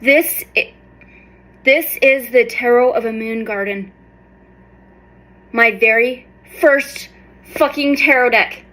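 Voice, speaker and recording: A woman in her thirties doing an excited unboxing vlog, gushing and exclaiming often. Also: a little high, slow pace, pauses often, poor audio. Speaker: tarot reader and vlogger.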